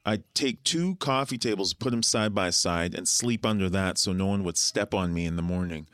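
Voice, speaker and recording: A man with a fairly low voice tells lively stories in a casual interview and slips into the voices of the people he describes. The sound is close and dry, with no room around him. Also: normal speed, clear, resonant tone, no echo. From Canada. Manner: animated storyteller who acts out the people he quotes. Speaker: musician guest.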